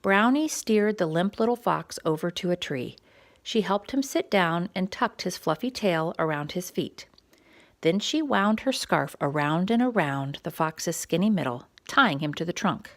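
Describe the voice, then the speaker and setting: A woman reading a quiet story time picture book aloud for young children, gentle and expressive. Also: on the low side, a little slow.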